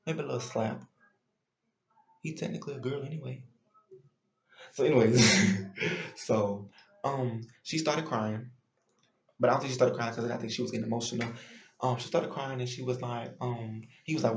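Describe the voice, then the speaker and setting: A man's voice: mid-range voice, normal speed, long pauses, echoey room. A man giving a chatty, opinionated and sassy recap of a reality show in casual commentary.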